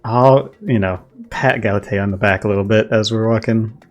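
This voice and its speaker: A man's voice: lowish voice, a little fast, faint music behind. Easygoing man playing a tabletop game. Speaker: player. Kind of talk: tabletop role-play.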